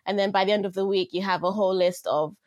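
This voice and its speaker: A woman talks casually as a podcast guest and explains her view at length. Her voice sits at a middle pitch and her delivery is easygoing and conversational. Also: steady tone, quick pace, highs cut off.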